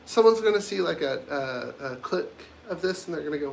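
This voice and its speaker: A man's voice: fairly high pitch, lively intonation, fairly quick, vocal fry, a little hiss or hum. A man hosting his own livestream, talking casually in a blunt, rambling and provocative way. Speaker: livestream host.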